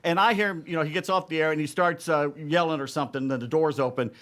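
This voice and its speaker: A man's voice: a little high, fairly even intonation, quick pace, fairly bright tone. A man telling a story in casual chat as a guest, with dry quips. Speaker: talk radio host guest.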